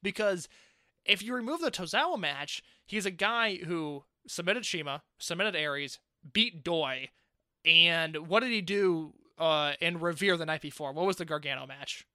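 High bright guy co-hosting a wrestling podcast, opinionated and wry, dry close mic. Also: animated, normal speed, no room sound. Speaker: podcast co-host. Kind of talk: casual wrestling review chat.

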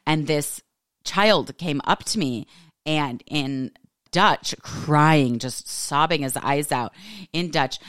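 Podcast host, woman, forties, low voice, animated and laughing, dry close sound. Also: no echo. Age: 40s. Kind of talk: casual storytelling monologue.

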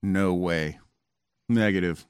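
A man with a fairly low voice, chatting casually as a podcast host. His humor runs dry and sarcastic, and the recording is close and dry. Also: slow, smooth, dry recording. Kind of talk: casual chat.

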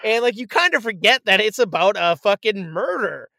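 A man in casual chat, retelling a movie with lively acted-out quotes and frequent swearing. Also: high-pitched, normal speed, creaky, no echo. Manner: animated storyteller, acts out quotes, swears freely. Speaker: podcast co-host reviewing a movie.

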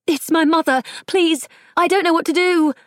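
A woman's voice: very high voice, slow, darkish tone, no echo, clean studio sound, pitched above the performer's own voice. Woman doing a frantic posh young girl. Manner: breathless, pleading.

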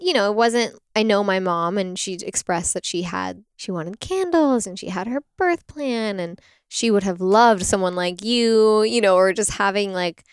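Casting note: young woman, gravelly tone, dry close mic, chatty storyteller. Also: mid-range voice, moderate pace, few pauses, dry recording. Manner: animated storytelling, frequent "like", acts out quoted voices. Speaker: interview guest, doula and product maker. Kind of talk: casual conversational interview.

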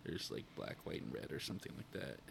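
A man co-hosting a podcast in relaxed, halting casual chat. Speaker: podcast co-host. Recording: faint background noise.

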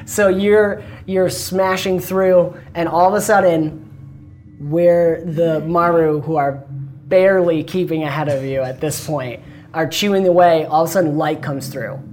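Low-voiced woman game master. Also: measured pace, a little mellow, a little hiss or hum. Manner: descriptive, laughs often, loose restarts. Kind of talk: narrating a tabletop game.

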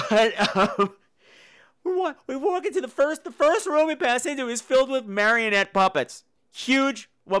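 A man hosting a podcast, telling a personal story in a theatrical, comedic way, swearing freely. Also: high voice. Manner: animated, profane, theatrical, acts out quotes. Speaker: podcast host.

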